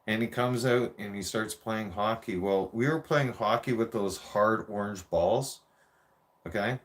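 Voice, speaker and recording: A man's voice: lowish voice, a little slow. A man in his forties telling a rambling, profane childhood story in a casual rant.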